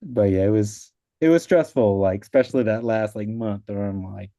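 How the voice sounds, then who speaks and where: A man's voice: fairly low pitch, normal speed, warm tone, dry recording, studio quality. A man, a father with a wife and young kids, casually telling the story of passing his exam on a video call, rambling with lots of "like" and acting out the people he quotes. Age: adult with a wife and young kids. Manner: rambling, full of "like", acts out quoted voices. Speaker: exam passer sharing his story as a guest.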